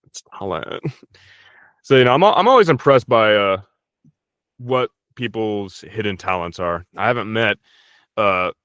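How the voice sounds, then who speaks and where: A man's voice: on the low side, animated, unhurried, long pauses, fairly bright tone, clear, resonant tone, no echo, studio quality. A young man, a voice actor, chatting casually and jokingly in an interview, swearing freely. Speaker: voice actor guest.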